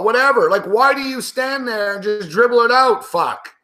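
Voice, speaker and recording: A male sports betting host swearing and yelling at players during a game, then ranting at his viewers. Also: very high voice, lively intonation, normal speed. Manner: angry, profane outbursts and shouting at the players; sarcastic, lecturing rant at viewers. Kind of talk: live reaction rant while watching a game.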